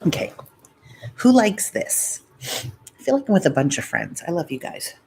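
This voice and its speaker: A woman's voice: mid-range voice, big pitch swings, moderate pace, background noise. A middle-aged woman chatting casually and rambling to her viewers on a live stream. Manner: rambling, talks straight to viewers. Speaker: mukbang vlogger.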